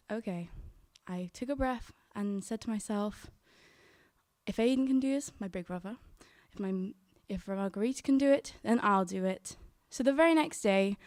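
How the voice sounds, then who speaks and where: A woman's voice: a little high, unhurried, darkish tone, no room sound, studio quality. A young woman telling a true story to a live audience, earnestly voicing her own thoughts. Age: young adult.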